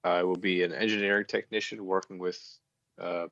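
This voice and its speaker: A blunt man telling work stories in casual chat, cursing freely. His voice sits low. The sound is dry and a little dull. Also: level tone, fairly quick, creaky, a bit bright, no room sound. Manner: blunt, storytelling, swears casually. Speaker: podcast co-host, electrician.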